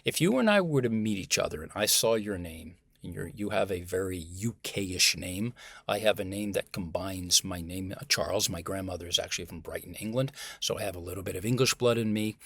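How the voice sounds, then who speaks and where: An American man, a communication professor, talking as a guest in a conversational interview, animated and emphatic. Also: deep voice, brisk, breathy edge, no echo. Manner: animated and emphatic, acts out example voices.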